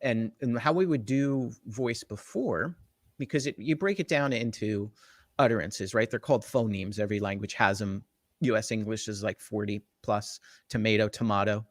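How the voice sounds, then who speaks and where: A middle-aged man from the Jersey Shore in the US, speaking at an ordinary pitch, appears as a tech evangelist guest in a casual interview. He explains technology keenly and ramblingly, full of fillers and quick restarts. The recording is close and dry, with no room echo.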